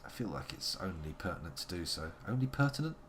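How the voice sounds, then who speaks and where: A man's voice: very deep voice, fast talker, bright, forceful tone, a little hiss or hum. A man giving playful, wordy live commentary on a game he is playing, making theatrical asides to his chat. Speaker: live-streaming game player.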